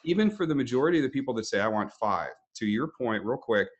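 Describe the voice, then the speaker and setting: A man's voice: medium pitch, lively intonation, fast talker, highs cut off. A man hosting a webinar interview, explaining in a conversational way with acted-out quotes.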